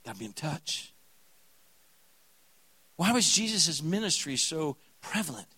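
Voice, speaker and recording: A man preaching at a revival as a pastor, fervent and folksy, swinging from hushed lines to loud calls. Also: fairly high pitch, sing-song, a little slow, slightly rough, poor audio. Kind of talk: revival sermon.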